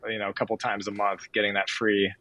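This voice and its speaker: Excitable man co-hosting, dry sound. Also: fairly low pitch, fast talker, dry recording, rough recording. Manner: excitable, joking, goes off on tangents. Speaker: co-host. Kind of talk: casual chat.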